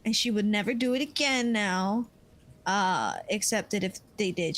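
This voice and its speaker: A woman's voice: mid-range voice, moderate pace. A woman narrating as game master of a tabletop game, hesitant with many fillers.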